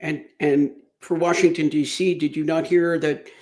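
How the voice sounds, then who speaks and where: A man's voice: fairly high pitch, flat delivery, moderate pace, darkish tone. A man co-hosting a casual political talk show, adding dry wisecracking asides.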